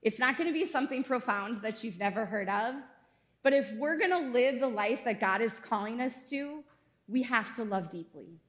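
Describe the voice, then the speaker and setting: A woman's voice: on the high side, expressive, normal speed, fairly bright tone. A woman in her thirties, a pastor giving a conversational, earnest sermon in a church. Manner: conversational, earnest preaching with casual asides. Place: church sanctuary.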